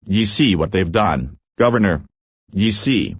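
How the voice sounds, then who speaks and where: A badly hurt prisoner in clerical dress, voiced by a man reading a story aloud, pushing out urgent, broken phrases between heavy breaths. The voice sits low, and the recording is close and dry. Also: expressive, unhurried, husky, no echo, exaggerated voice. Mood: urgent, pained. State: injured, breathing heavily. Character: wounded male prisoner posing as a clergyman.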